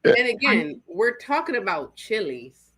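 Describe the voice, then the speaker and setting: A woman's voice: mid-range voice, big pitch swings, measured pace, crowd noise. Exasperated woman, casual chat. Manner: exasperated, lots of "like". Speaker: podcast co-host.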